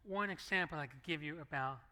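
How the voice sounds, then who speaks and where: Bright-voiced man preaching conversationally. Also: a little high, a little fast. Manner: conversational preaching with acted asides. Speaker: pastor. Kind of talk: sermon. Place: church sanctuary. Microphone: handheld microphone.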